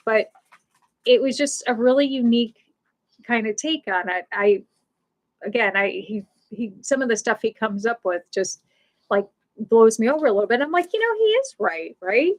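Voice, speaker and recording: A woman's voice: on the high side, moderate pace, pauses often. Middle-aged female host, casual home livestream chat, rambling delivery with frequent restarts and laughs. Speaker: pet loss support livestream host.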